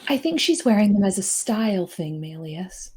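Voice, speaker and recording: A woman's voice: medium pitch, lively intonation, moderate pace, darkish tone, breathy edge. A woman voicing a friendly young adventurer who speaks breezily. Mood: teasing.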